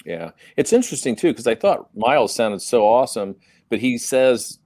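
A man's voice: mid-range voice, expressive, moderate pace, a little mellow, no echo, clean studio sound. A man hosting a casual album review who steers the talk and jokes at his own slips. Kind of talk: casual chat.

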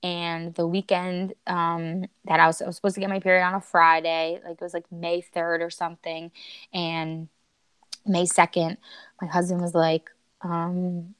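A woman in her thirties tells a personal story as a podcast guest, animated and emotional, laughing now and then. Her voice sits a little low. The sound is dry and close. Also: measured pace, smooth, dry recording. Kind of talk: candid storytelling.

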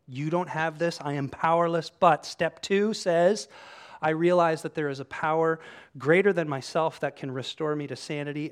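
Male pastor, slightly high voice, lively conversational sermon delivery with acted-out quotes. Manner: animated storytelling, acting out quoted voices. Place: church room with congregation.

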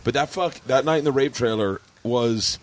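A man hosting a podcast, chatting casually by a pool, telling stories with lots of swearing and quick laughs. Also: mid-range voice. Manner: animated storytelling, swearing, bursts of laughter. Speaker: podcast host. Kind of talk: casual chat. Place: outdoors by a pool.

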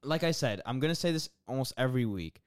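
Chatty man, smooth voice, dry close mic. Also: medium pitch, animated, quick pace, dry recording. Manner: chatty, rambling, lots of fillers and laughs. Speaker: podcast co-host. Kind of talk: casual football chat.

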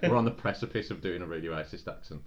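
A young man, delivering rambling deadpan jokes as a podcast co-host in casual group banter. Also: sits low, fast talker, highs cut off, a loud crowd.

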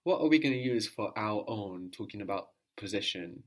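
Patient male language teacher, low voice. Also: animated. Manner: patient, prompting questions, repeating answers slowly. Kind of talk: one-on-one Greek lesson.

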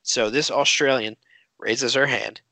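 A man's voice: mid-range voice, fairly even intonation, measured pace, bright, forceful tone, no echo. A young man co-hosting a podcast, telling a story in casual, slangy chat and laughing along. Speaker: podcast co-host.

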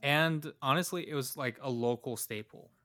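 This young male podcast co-host delivers a story loosely and jokingly, leaning on lots of fillers during a casual storytelling chat. He speaks at a moderate pace in a medium-pitched voice that sounds bright and forceful.

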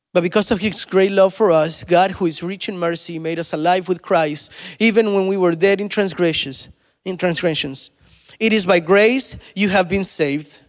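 High-voiced male pastor in a reverberant hall. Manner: storytelling with shifts between soft asides and loud rising exhortation. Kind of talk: sermon. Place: church sanctuary.

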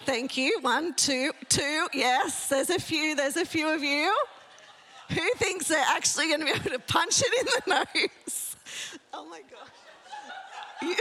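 Aussie lady pastor, high bright voice, chatty funny sermon, laughs at herself. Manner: chatty, self-mocking, humorous storytelling. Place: church hall with a congregation.

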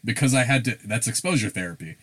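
A man co-hosting a podcast, telling stories in a lively, profane way. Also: medium pitch, fast. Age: adult. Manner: animated, profane storytelling. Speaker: podcast co-host. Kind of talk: casual podcast chat.

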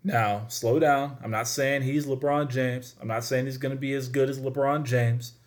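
A man's voice: medium pitch, fairly even intonation, moderate pace. A man delivering a solo sports talk monologue, chatty and emphatic, speaking straight to his listeners. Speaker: sports commentator.

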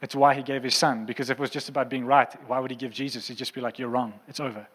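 Male pastor, mid-pitched, impassioned and earnest sermon delivery, long church-hall reverb. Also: flat delivery, rapid-fire, a bit bright. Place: church auditorium.

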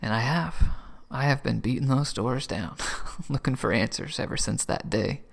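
A middle-aged man sharing his personal faith testimony in an earnest, emotional way, with soft laughs and words that drop to a whisper. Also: mid-range voice, normal speed, creaky. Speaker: Christian testimony speaker.

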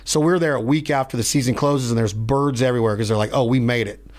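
Rambling, animated man chatting. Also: mid-range voice, quick pace. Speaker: podcast host. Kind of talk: casual chat. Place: studio.

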